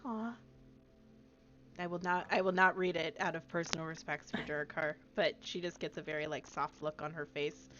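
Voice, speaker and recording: A woman's voice: deep voice, fairly even intonation, normal speed, a bit bright, a little hiss or hum. A woman player in casual tabletop game chat, chatty and full of fillers, on a muffled recording. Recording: muffled lo-fi audio.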